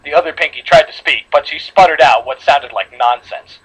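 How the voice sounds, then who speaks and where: A man's voice: fairly high pitch, brisk, fairly bright tone, slightly rough, low-quality recording. A man reading a horror fan story aloud to friends, dramatic, with slips and re-reads. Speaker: story reader.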